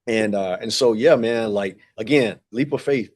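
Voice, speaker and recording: A man's voice: fairly low pitch, moderate pace, few pauses, a little mellow. A man in his forties, a podcast guest, telling a long personal story in a casual, rambling way with many fillers and acted-out dialogue. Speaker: podcast guest, track and field director.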